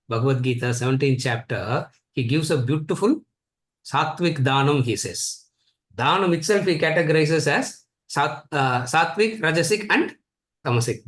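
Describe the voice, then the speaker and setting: A man's voice: a little high, animated, normal speed, fairly bright tone. Man, Indian accent, spiritual teacher, lecture with questions, emphatic, repeats himself, playful. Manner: repetitive, emphatic, teasing with students. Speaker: Vedanta teacher.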